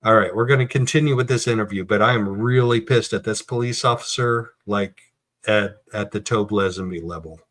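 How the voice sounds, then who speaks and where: A man's voice: fairly low pitch, fairly quick, a bit bright. A man hosting a casual true crime talk show, ranting heatedly and swearing, then apologizing. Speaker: true crime podcast host. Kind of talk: casual chat.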